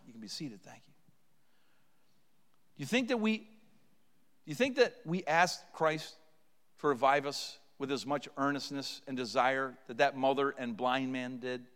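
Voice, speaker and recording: A man's voice: medium pitch, a little slow, pauses often, fairly bright tone, big-room sound. A man preaching an impassioned sermon as pastor, building to fervent cries. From Canada. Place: church sanctuary.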